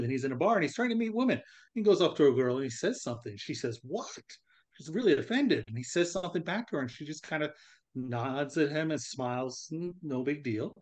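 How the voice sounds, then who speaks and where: A man with a slightly higher pitch co-hosts a casual podcast. He spins a long joke with animated delivery and slips into quick voices for the people in it. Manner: animated storyteller, acts out voices. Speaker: podcast co-host.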